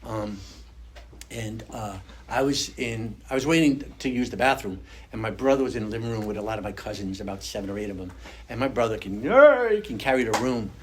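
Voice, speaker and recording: A man's voice: on the low side, lively intonation, fairly quick, a little hiss or hum. An older man giving an earnest, conversational personal testimony at a recovery meeting, speaking to an audience in a meeting room. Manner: earnest, conversational, acts out quoted voices.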